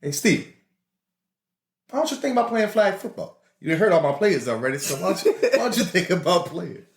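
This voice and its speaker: A man's voice: sits high, sing-song, brisk, creaky, reverberant, voice pushed up, exaggerated voice. A man voicing a blunt middle-school PE coach with a New Orleans accent, coaxing a student.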